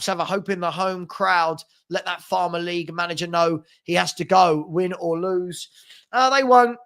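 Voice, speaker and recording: A man's voice: high-pitched, a bit bright. A young man hosting a casual live football fan chat, reading comments aloud with lots of fillers and restarts.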